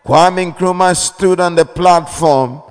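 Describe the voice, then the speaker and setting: A man preaching in a slow, measured cadence, going back over his key phrases. His voice sits a little high for a man and comes through smooth and clear. A long reverb from a large hall trails each phrase. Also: faint music behind. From Ghana. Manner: slow, deliberate, repeats key phrases, calls for amens. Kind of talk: sermon.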